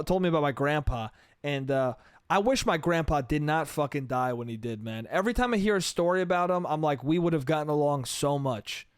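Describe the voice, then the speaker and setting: A man's voice: a little high, clean tone, no echo, clean studio sound. A man from New York State hosting a solo podcast, rambling, swearing and laughing at himself. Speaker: podcast host.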